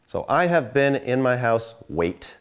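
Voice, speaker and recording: A man's voice: medium pitch, sing-song, a little slow, clean tone, dry recording. A man hosting home repair videos, chatting casually and muttering in an exasperated, self-mocking way while he works outdoors.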